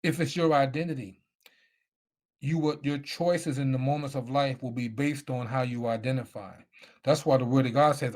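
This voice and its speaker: A man's voice: mid-range voice, steady tone, normal speed. A middle-aged man telling his story animatedly in a live Q&A, acting out the voices of people he quotes. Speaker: guest speaker.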